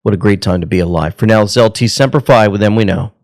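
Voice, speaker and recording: A man from Georgia hosts his own commentary show, and his voice sits a little low. He talks earnestly and openly about his feelings, calling his listeners folks. He also leads a heartfelt prayer. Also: fast talker, darkish tone. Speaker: host.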